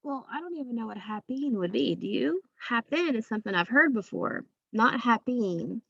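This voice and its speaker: A woman's voice: on the high side, big pitch swings, brisk, vocal fry, a bit bright, no room sound, lo-fi sound. A woman teacher giving a phonics lesson to young children, patient and drawing out each sound.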